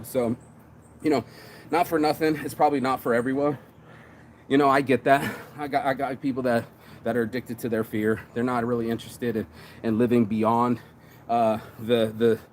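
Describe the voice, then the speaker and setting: Hyping himself up about business, this shirt designer and entrepreneur talks street slang, swears frequently and keeps saying "bro" in a casual motivational monologue. His medium-pitched, slightly mellow voice moves at normal speed with little pitch change, with a little hiss or hum in the recording.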